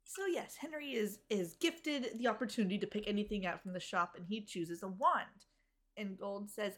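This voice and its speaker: A woman co-hosting a casual TV recap podcast, talking in a tired, wry way with quick asides and frequent laughs. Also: medium pitch, fairly bright tone. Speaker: podcast co-host recapping a TV episode. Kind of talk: casual chat.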